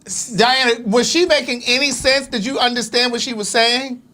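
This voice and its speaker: A woman's voice: on the high side, fairly even intonation, moderate pace, bright, forceful tone. A woman hosting a casual podcast chat, blunt, profane and joking. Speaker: podcast host.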